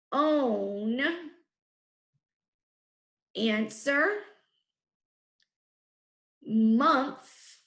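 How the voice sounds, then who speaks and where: A woman teaching a recorded phonics lesson to first graders, drawing out each sound slowly and clearly. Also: high-pitched. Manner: slow, clearly drawn-out letter sounds. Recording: echoey room.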